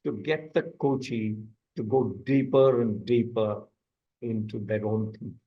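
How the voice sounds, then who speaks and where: Husky-voiced man teaching coaching. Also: on the low side, steady tone, measured pace, mellow, lo-fi sound. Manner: explains step by step, asks the audience questions. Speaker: coaching instructor. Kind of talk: online masterclass teaching.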